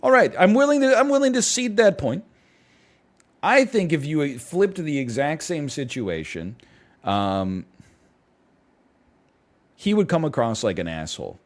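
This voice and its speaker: A young man talks through an argument on his live stream, weighing one side and then the other as he thinks aloud. His pitch rises and falls a lot. He sounds casual and animated. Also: a little slow, long pauses. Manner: animated, thinks aloud, argues both sides.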